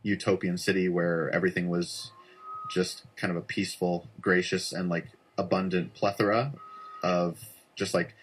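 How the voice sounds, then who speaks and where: A man's voice: low voice, flat delivery, normal speed, slight background noise. A man casually telling a conspiracy tale, rambling with lots of "like" and "um" as he goes. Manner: rambling, full of "like" and "um". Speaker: storyteller. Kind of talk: casual conspiracy storytelling for social video.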